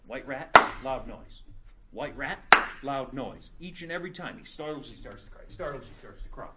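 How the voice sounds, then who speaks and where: Animated man lecturing in an echoey classroom. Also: medium pitch, brisk, recorded from a distance, very noisy. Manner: lively, joking, animated storytelling. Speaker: psychology teacher.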